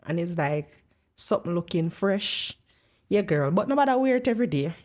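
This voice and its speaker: A woman's voice: lowish voice, animated, normal speed, darkish tone. A woman doing blunt, mocking reaction commentary and swearing freely.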